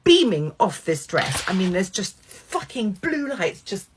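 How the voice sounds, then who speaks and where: A middle-aged woman vlogger telling a personal anecdote, animated, swearing freely and acting out quoted lines. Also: mid-range voice, a little slow, a little hiss or hum.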